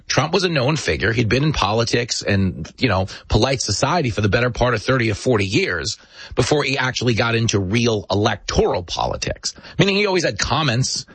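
Husky-voiced man, emphatic commentary host. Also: mid-range voice, no echo. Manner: emphatic, sarcastic, animated storyteller. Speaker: talk show host. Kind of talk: political commentary monologue.

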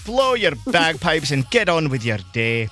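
A man's voice: fairly high pitch, very animated, a little slow, over loud music. A man, hosting a radio quiz with upbeat, teasing banter.

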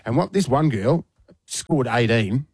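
An Australian man hosting breakfast radio, telling an animated story and acting out the voices of others. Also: mid-range voice, husky, no room sound. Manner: acts out quoted voices, quick and lively. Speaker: radio host.

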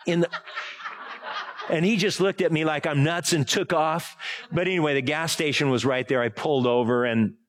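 A man's voice: on the high side, steady tone, moderate pace. Chatty pastor man. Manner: rambling, chatty, many fillers and self-corrections. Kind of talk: casual sermon with personal story.

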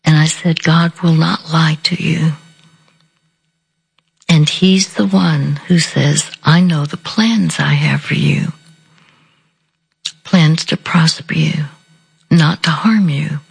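A woman telling a personal story in a slow, deliberate, softly earnest way. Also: low voice, gravelly, slightly rough, rough recording. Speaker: speaker sharing a counseling story. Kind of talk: reflective storytelling talk.

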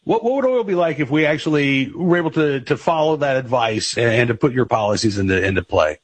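A man's voice: mid-range voice, animated, fairly quick, husky. A man hosting a radio talk show, interviewing a guest and asking questions with many fillers and repeats.

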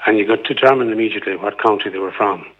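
Irish caller on a tinny phone line. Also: male voice, lowish voice, rapid-fire, husky. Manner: earnest, hesitant, many fillers. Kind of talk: phone-in call.

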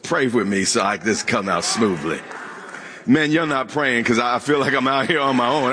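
A man's voice: medium pitch, fairly bright tone, a little hiss or hum. A man preaching a sermon to a congregation, joking and throwing questions at the room. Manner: preaching with humor and call-and-response questions to the congregation. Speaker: pastor. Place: church sanctuary with a congregation. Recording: long hall reverb.

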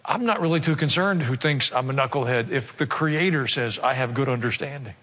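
A man preaching a sermon as pastor, earnestly asking his congregation rhetorical questions and slowing down to stress key points. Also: medium pitch, a bit bright, in a large hall. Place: church sanctuary.

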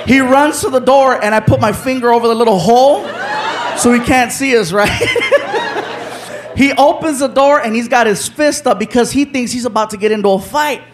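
A stand-up comedian telling a story on stage, animated and laughing as he acts it out. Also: very high voice, normal speed. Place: comedy stage before an audience. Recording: live club with loud crowd noise.

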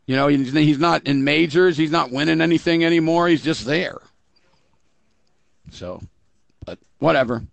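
A man's voice: fairly high pitch, moderate pace, creaky, pauses often, no room sound. A man hosting sports talk radio, blunt and folksy, rambling through his opinions.

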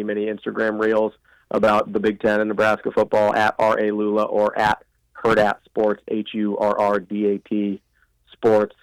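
A man calling in to a sports radio show as a guest, talking fast and animatedly and laughing often. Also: on the low side, clear, resonant tone, no echo, rough recording. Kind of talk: phone-in radio interview. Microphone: phone line.

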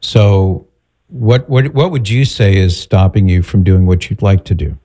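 A male host giving direct, steady advice to a caller. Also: low voice, a little slow. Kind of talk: advice talk show.

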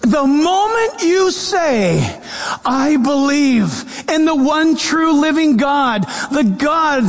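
A man preaching a sermon as pastor, animated and mixing scripture with humorous quoted voices. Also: extremely high pitch, slow pace. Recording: long reverb of a large hall.

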